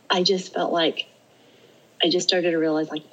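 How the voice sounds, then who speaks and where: A woman's voice: fairly low pitch, little pitch movement, moderate pace, highs cut off. A middle-aged woman, a podcast guest, telling a story in casual conversation. She acts out her own self-talk and laughs often as she speaks. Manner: laughs often while talking.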